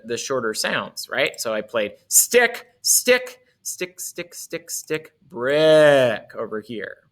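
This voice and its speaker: His voice sits on the high side with a sharp edge. This male music teacher gives a casual explanation of articulation, correcting himself and demonstrating on his instrument.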